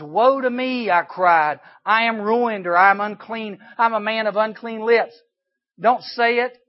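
High-voiced animated man preaching. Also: lo-fi sound. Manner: animated preaching, rhetorical questions, dips to quiet asides. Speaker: youth speaker. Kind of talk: sermon to junior high students.

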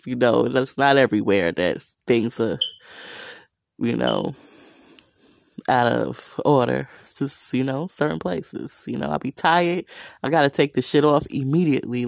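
Gravelly woman, blunt and profane. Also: sits low, animated, normal speed, a little mellow, no echo, studio quality. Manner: blunt, profane, laughs often; frequent "you know" fillers. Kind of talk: candid personal monologue.

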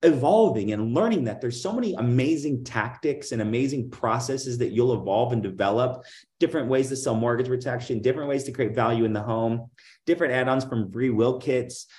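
A man's voice: mid-range voice, echoey room. Chatty man telling sales stories animatedly. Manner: animated, acts out dialogue in other voices; many fillers like "like" and "right?". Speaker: guest, insurance agency owner. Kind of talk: casual interview, storytelling.

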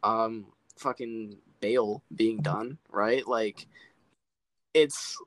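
A young man co-hosting a casual podcast, talking in an animated way, swearing freely and saying "like" a lot. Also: lowish voice, drawn-out words, dry recording, rough recording. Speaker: podcast co-host. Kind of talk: casual chat.

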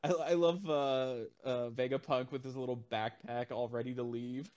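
Man, podcast co-host, animated casual chat, laughing, acts out lines. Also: mid-range voice, moderate pace, clean tone.

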